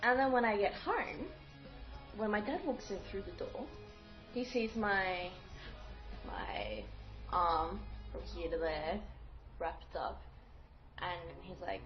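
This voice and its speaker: A woman's voice: medium pitch, animated, normal speed. Young woman, casual vlogger, rambling and chatty; dull lo-fi recording. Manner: chatty, rambling with fillers and acted-out quotes. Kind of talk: casual storytelling to camera. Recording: dull lo-fi audio with faint music.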